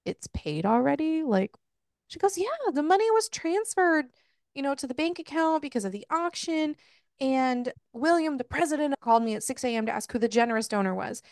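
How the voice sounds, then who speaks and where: In a dry, studio-quality recording, a female podcast co-host with a highish voice casually recaps a book's story. She's animated, swears plenty, and laughs throughout.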